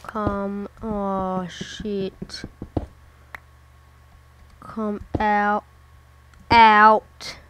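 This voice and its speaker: Unhurried, swearing woman gaming commentator. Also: mid-range voice, flat delivery, a bit bright, slight background noise. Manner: mutters to herself and swears often while playing. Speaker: gameplay commentator. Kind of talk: casual let's-play commentary.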